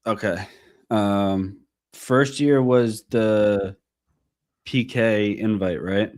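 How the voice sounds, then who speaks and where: A man with a fairly low voice co-hosts a casual sports podcast, talking bluntly and enthusiastically with the odd curse. The recording is dry, with no room sound. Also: fairly even intonation, very slow, a little mellow, no echo. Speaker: podcast co-host. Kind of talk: casual chat.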